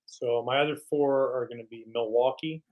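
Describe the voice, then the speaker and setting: A man's voice: mid-range voice, normal speed, lo-fi sound. Middle-aged male guest, casual storyteller, mid-range voice, acts out the quotes. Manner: animated, quotes teammates in voices. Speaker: guest, retired pitcher.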